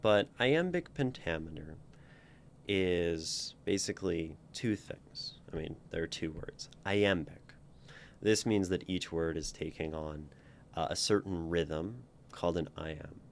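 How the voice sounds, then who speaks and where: A man's voice: low-pitched, slow pace, a little hiss or hum. A man hosting a poetry channel, talking viewers through a poem. He thinks aloud and keeps checking in with "right?". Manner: thoughtful, often checks in with "right?".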